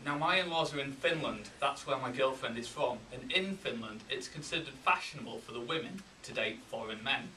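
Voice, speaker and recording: A man with a Yorkshire accent giving a humorous contest speech, with deadpan timing and pauses for laughs. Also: medium pitch, background noise. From England. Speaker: contest speaker. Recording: roomy hall, mic from a distance.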